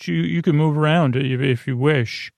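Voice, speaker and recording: A man hosting a sleep podcast, talking in creaky, soothing tones with rambling, filler-heavy bedtime talk. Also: on the high side, normal speed, darkish tone, no room sound. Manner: rambling, full of fillers and tangents.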